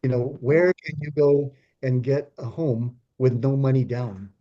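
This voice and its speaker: A man with a very dark, mellow voice speaks steadily and affirmingly, his talk full of fillers. The recording sounds dull and muffled. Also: mid-range voice, fairly even intonation, unhurried. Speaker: co-host. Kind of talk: casual conversational talk.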